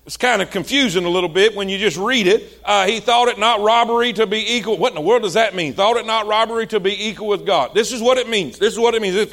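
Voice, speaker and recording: High-pitched preacher calling out. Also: male voice. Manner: call-and-response preaching, building to shouts; drawling folksy asides. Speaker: pastor. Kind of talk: sermon.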